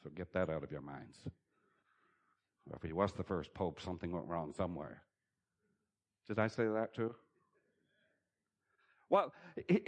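A man preaching a sermon, swinging between loud, emphatic bursts and quiet, chuckling asides. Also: low voice, normal speed, long pauses.

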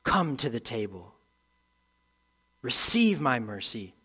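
A man delivers a sermon as pastor. He reads scripture aloud and builds in intensity. Then he drops to a quiet, reflective tone. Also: mid-range voice, sing-song, slow pace, breathy edge.

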